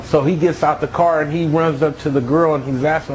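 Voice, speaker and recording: A man's voice: on the high side, fairly even intonation, brisk, a little mellow, a little hiss or hum, poor audio. Man giving a dramatic spoken testimony.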